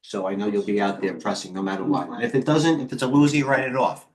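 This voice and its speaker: A man's voice: on the low side, steady tone, quick pace, darkish tone. Man, middle-aged, trading stream host, casual, rambling, wisecracking, muttering. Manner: rambling, joking, self-deprecating, mutters to himself. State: out of breath. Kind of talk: casual live-stream commentary.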